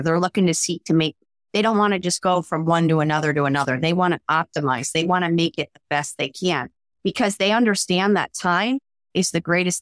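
A woman's voice: lowish voice, no room sound, clean studio sound. A woman working as a mental skills coach, talking in a casual interview and acting out the people she quotes. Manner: animated, acts out quoted voices.

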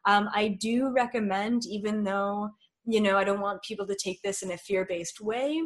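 Woman rambling earnestly about spiritual stuff, lots of ums, mid pitch. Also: expressive, moderate pace. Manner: earnest, flowing, filler-laden. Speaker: spiritual guest. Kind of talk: spiritual interview talk.

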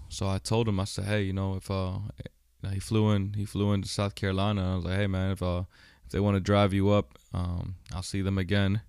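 A man's voice: low-pitched, a little mellow, clear, resonant tone, dry recording, clean studio sound. A man hosting a personal podcast monologue, talking bluntly with heavy swearing, many fillers and a recurring "right?". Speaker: podcast host. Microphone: studio microphone.

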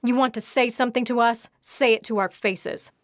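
A woman voicing an angry, tough ex-Marine neighbor, speaking slowly and heavily. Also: fairly high pitch, fairly even intonation, dry recording, studio quality, lightly acted. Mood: furious.

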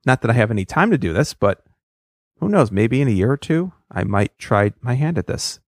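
A man hosting a speech pathology podcast, talking in a relaxed, chatty way with musing asides. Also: mid-range voice, fairly quick, no echo, studio quality. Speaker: podcast host. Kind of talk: podcast intro and interview.

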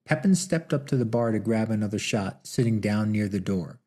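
A man giving steady audiobook narration of a Western novel. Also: on the low side, moderate pace. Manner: steady, storytelling.

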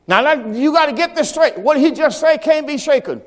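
In a reverberant church sanctuary, a high-voiced pastor preaches a sermon briskly and expressively, trading call-and-response with the congregation and climbing to shouts. His storytelling includes acted quotes and sound effects, captured in a service recording with long hall reverb and faint background music.

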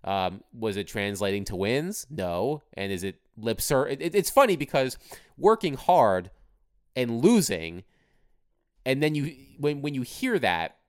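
A young adult man chatting as co-host on a sports podcast. His voice is smooth and resonant, with a lively, swinging pitch. It sits dry and close to the mic. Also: measured pace, dry recording. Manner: animated, mocks fans in a high whiny put-on voice. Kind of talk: casual chat.

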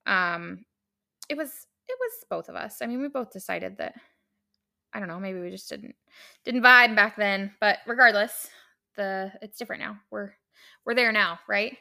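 Talking casually on her solo podcast, a young female host sounds gravelly and sharp at medium pitch and normal speed. She's sincere but meandering, full of fillers and false starts.

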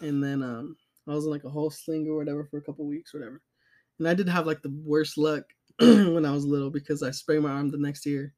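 A man's voice: on the high side, fairly even intonation, quick pace, a little mellow. A young man co-hosting a podcast, telling stories in a loose, profane way, full of fillers and laughter. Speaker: podcast co-host. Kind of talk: casual chat.

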